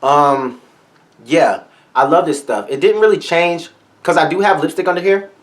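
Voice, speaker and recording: A man's voice: a little high, moderate pace. A man reviewing makeup products in a vlog, talking straight to his viewers in a sassy, flamboyant, salty way. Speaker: beauty vlogger.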